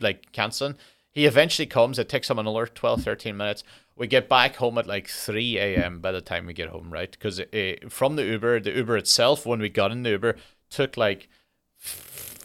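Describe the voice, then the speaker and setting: Ranting, swearing young man podcaster. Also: medium pitch. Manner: exasperated storytelling with dark jokes. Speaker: podcast host. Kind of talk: solo podcast monologue.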